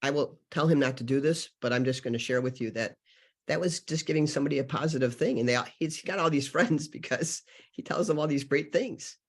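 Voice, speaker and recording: A man's voice: fairly high pitch, brisk. A man guest on a spiritual podcast, telling stories earnestly and rambling with many fillers. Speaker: podcast guest, healer and channeler. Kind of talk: spiritual interview conversation.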